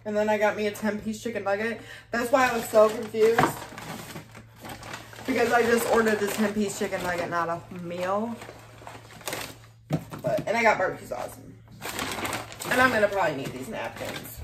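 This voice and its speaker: A woman's voice: medium pitch, moderate pace, pauses often, background noise. Chatty young woman vlogging a mukbang. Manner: chatty, hypes subscribing, trips over words. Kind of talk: casual mukbang vlog. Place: home. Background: child in the background.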